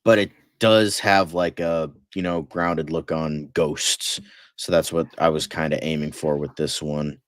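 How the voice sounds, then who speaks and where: A man's voice: a bass voice, level tone, measured pace, dry recording, clean studio sound. A man chatting casually about horror movies as podcast co-host, rambling with lots of fillers and swearing freely.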